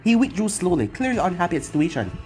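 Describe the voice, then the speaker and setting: A narrator reading fan fiction aloud in an even, machine-like way, with odd misreadings. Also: mid-range voice, rapid-fire.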